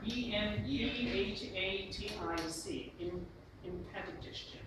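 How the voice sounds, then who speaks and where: A man with a Bangladeshi English accent lecturing a university class on presentation gestures, often checking in with "Clear?" and "Yes?". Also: high-pitched, slow pace. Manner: animated, repeatedly asks "Clear?" and "Yes?". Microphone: camera at the back of the room. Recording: echoey classroom from far off, noisy.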